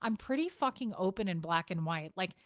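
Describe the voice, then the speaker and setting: A woman's voice: medium pitch, expressive, no echo. A woman hosting a casual livestream chat, blunt and profane, talking to her viewers from a home streaming setup. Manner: blunt, profane, fast-shifting delivery. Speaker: livestream host.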